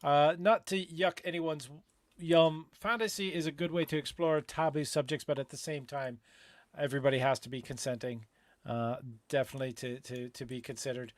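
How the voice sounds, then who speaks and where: A man's voice: on the high side, fairly even intonation, moderate pace, dry recording. A man hosting a live advice show over a video call, reading out viewer comments with a lot of hesitant fillers. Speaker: livestream host.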